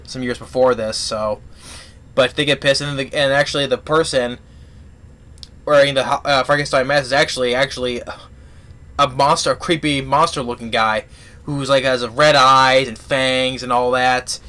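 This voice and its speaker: A man giving a casual spoken movie review, retelling the plot in a rambling, halting way full of restarts. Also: mid-range voice, steady tone, bright, forceful tone.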